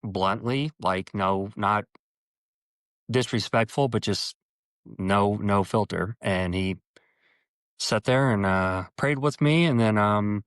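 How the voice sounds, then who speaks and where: A man's tone is clear and resonant, with no room sound, as he tells a personal story as an interview guest. He's earnest but halting, restarting often, and his pitch shoots up when he acts out quoted dialogue.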